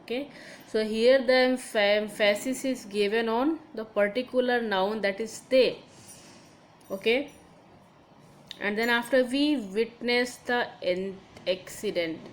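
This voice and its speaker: A woman teacher, slowly explaining grammar to schoolchildren and repeating each example. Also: on the high side, a little hiss or hum, poor audio. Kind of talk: recorded online grammar lesson.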